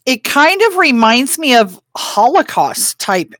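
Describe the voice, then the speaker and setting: A woman's voice: high voice, very animated, slow, a bit bright, dry recording, clean studio sound. A woman co-hosting a podcast in casual chat, rambling with lots of hesitant fillers. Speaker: podcast co-host.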